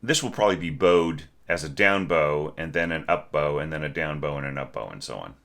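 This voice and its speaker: A man's voice: very deep voice, a little fast, fairly bright tone. A man teaching orchestration, going through a student's score in a conversational way, often checking in with "right?" and humming phrases to show them. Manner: conversational, many fillers and "right?" tags; sings phrases to show inflection.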